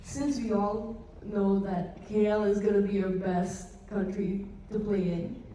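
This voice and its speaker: A woman in the audience asks slow, hesitant questions. She is heard from far off in a very echoey hall, with clear background noise around her. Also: mid-range voice, little pitch movement, dark tone. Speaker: audience member asking questions. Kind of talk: casual Q&A. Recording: very echoey, distant, noisy room.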